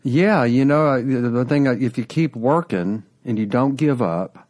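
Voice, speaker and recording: A man in his fifties, a guest musician, telling stories in a casual, rambling way with quick restarts. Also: medium pitch, a little mellow. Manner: rambling, quick, self-interrupting. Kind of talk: casual storytelling.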